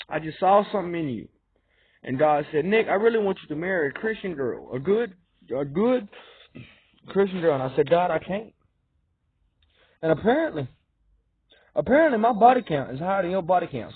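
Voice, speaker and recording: A man rambling through a fervent, repetitive monologue, swinging between loud insistence and low muttering. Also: husky. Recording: tinny phone-like dry recording.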